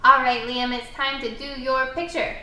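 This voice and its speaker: A woman teacher guiding a young child through writing, with animated, encouraging step-by-step prompts. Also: high-pitched, moderate pace, slight background noise. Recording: echoey room, mic at a distance.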